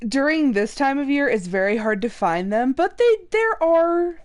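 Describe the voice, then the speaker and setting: A woman's voice: high voice, big pitch swings, moderate pace. A young woman streaming a game and chatting casually, laughing often and acting out what others said. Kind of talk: casual chat while gaming.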